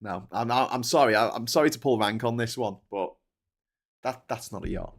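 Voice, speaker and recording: A man's voice: medium pitch, normal speed. A man hosting a livestream, reading viewer comments and ranting with heavy swearing and frequent laughter. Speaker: host. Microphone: desk microphone.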